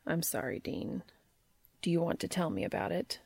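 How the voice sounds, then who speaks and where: A woman reading the lines of a gentle, concerned man in a quiet, coaxing way. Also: fairly low pitch, sing-song, moderate pace, vocal fry, husky, no echo, full character voice.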